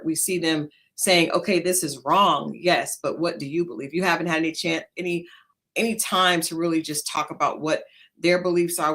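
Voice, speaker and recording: A woman co-hosting a podcast, talking through politics in casual chat with many pauses and restarts. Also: low-pitched, pushed and bright. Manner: thoughtful, many fillers and restarts. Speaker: podcast co-host.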